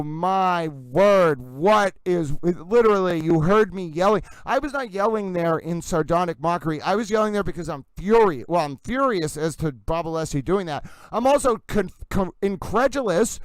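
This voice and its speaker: A man with a very high, smooth voice hosts a live commentary stream, audibly exasperated and theatrical. He swings between yelling outbursts and quick low mutters, recorded close and dry. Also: no room sound, rough recording. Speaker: livestream host commenting on a trial.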